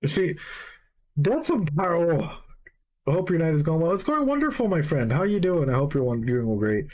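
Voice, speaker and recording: Excitable male streamer reading lyrics. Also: a little high, moderate pace. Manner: excitable, swears, greets chat members mid-sentence. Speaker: streamer reacting live. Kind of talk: live reaction stream, reading lyrics aloud and chatting with viewers.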